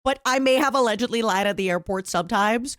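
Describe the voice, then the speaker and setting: A woman guest on a podcast, chatting casually in a bubbly, expressive way and mimicking other people as she talks. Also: on the high side, quick pace, no echo, studio quality. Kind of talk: casual chat.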